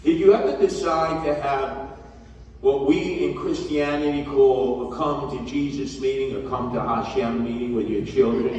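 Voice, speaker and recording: A man's voice: mid-range voice, normal speed, darkish tone, distant mic, muffled recording, a little hiss or hum. Blunt New man in an echoey hall. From New York. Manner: blunt, emphatic, scolding. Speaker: mayoral candidate. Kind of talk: campaign speech to a community gathering. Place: community hall gathering.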